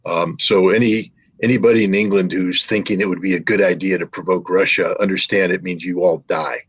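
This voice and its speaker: A middle-aged man with a very low, husky voice and a dry, close sound. He speaks with scorn and heavy sarcasm, hammering the same phrases again and again. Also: steady tone, a little fast, dry recording, rough recording. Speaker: guest commentator. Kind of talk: scornful political commentary.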